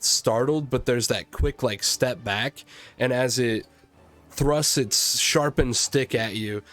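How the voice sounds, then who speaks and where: A man running a tabletop game as game master, describing the action in a halting way with many ums and restarts. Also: mid-range voice, a bit bright.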